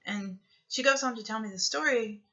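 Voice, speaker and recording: Bright-voiced woman coaching earnestly, lo-fi sound. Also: on the high side, quick pace. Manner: earnest, repetitive coaching, frequently asks "okay?". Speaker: motivational speaker. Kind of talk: motivational talk with guided meditation.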